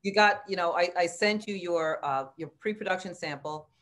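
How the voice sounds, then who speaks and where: A woman's voice: lowish voice, moderate pace, a bit bright. A woman hosting a podcast, asking questions and affirming her guest in an encouraging way. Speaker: podcast host. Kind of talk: casual interview chat.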